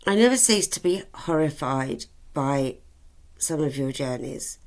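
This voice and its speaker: Woman in her forties, deep voice, slow and halting, lots of ums, affectionate vlog chat. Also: lively intonation. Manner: rambling, hesitant, full of ums, affectionate. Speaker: vlogger. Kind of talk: casual chat to camera.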